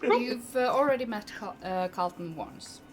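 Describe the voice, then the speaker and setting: A woman's voice: fairly high pitch, expressive. Brief: woman game master, leisurely narration, easy laughs, hissy noisy recording. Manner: unhurried, full of fillers, laughs often. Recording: noisy background hiss.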